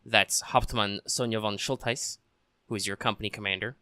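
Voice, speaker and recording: A man's voice: fairly low pitch, normal speed, no echo, studio quality. A man running a tabletop game as game master, casual and joking, with frequent fillers. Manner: relaxed and joking, with many fillers.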